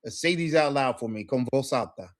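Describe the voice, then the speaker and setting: A man leads a live Spanish lesson with a patient, encouraging manner. He keeps checking in with his student as he goes, and his voice sits at an everyday middle pitch. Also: a little fast. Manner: encouraging, checks in with frequent "all right?". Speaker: Spanish teacher.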